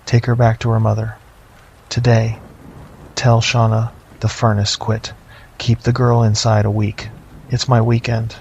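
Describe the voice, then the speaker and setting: Guy doing a terse old-timer barking short orders, flat and gravelly. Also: medium pitch, a little slow. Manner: clipped, curt orders. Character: terse, unflappable older man on a phone. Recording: slightly dull lo-fi, faint noise.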